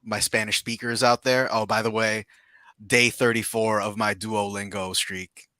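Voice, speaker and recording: A man with a lowish but bright voice co-hosts a live stream, chatting playfully and restarting his sentences often. The recording is dry and close to the mic. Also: little pitch movement, no room sound. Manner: playful, jokey, halting with restarts. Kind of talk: casual chat.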